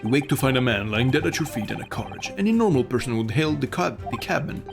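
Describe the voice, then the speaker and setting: A man's voice: medium pitch, animated, fast, creaky. A man voicing a cold, haughty courtroom prosecutor, clipped and disdainful, over game music. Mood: scornful.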